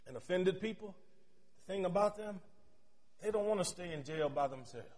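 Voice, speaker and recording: Preaching man with a high voice. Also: expressive, normal speed. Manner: preaching with big swings in loudness, from shouts to near murmurs; storytelling, with chatty asides. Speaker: pastor. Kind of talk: sermon.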